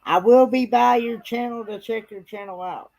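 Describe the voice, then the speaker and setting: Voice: medium pitch, moderate pace, gravelly, a little mellow. A live-stream host chatting casually, greeting viewers by name with many hesitant fillers.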